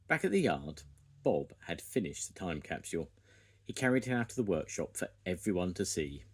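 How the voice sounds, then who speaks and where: A man's voice: sits low, moderate pace, breathy edge. An older man, a grandfather, reading a children's storybook aloud to his grandchildren. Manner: warm lively reading to grandchildren.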